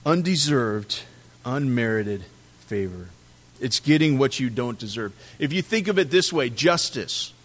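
A man preaching a sermon, animated, swinging between loud emphasis and quiet drops on key words. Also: medium pitch, normal speed, hardly any pauses, slightly rough. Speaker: pastor.

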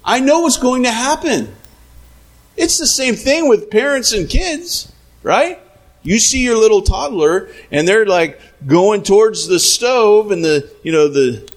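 Animated male pastor preaching. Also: high-pitched, low-quality recording. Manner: animated, acts out little scenes with shouts. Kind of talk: sermon.

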